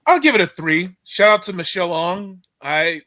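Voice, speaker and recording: A man's voice: sits high, lively intonation, moderate pace, bright, forceful tone, no echo, studio quality. A man in casual podcast chat, enthusiastic and teasing.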